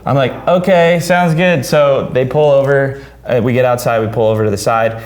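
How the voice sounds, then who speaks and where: Male podcast host, mid-range voice, lively storyteller who swears and acts out the quotes. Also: mid-range voice, brisk. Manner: animated, swears freely, acts out quotes loudly. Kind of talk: casual storytelling chat.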